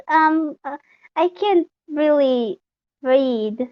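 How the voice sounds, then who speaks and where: A woman's voice: high voice, lively intonation, takes it slowly, lo-fi sound. A woman playing a tabletop game, chatting casually and giggling through her lines. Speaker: player.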